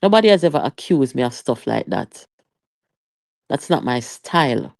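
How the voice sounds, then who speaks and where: A woman's voice: extremely low pitch, big pitch swings, moderate pace, vocal fry, dry recording, clean studio sound. A Jamaican woman hosting a live political commentary stream, chatty and emphatic, with rhetorical questions and patois asides.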